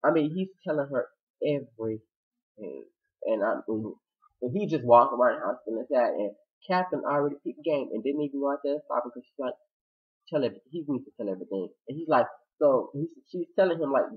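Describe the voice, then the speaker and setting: A man giving a chatty, excitable review of a TV episode, retelling scenes with dramatic asides. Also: mid-range voice, brisk, breathy edge, lo-fi sound. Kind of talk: casual recap vlog.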